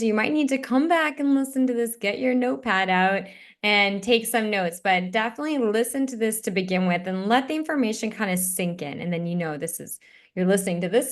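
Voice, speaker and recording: A woman hosting a podcast, chatty and enthusiastic, speaking directly to her listeners. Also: mid-range voice. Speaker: podcast host. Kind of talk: casual interview chat.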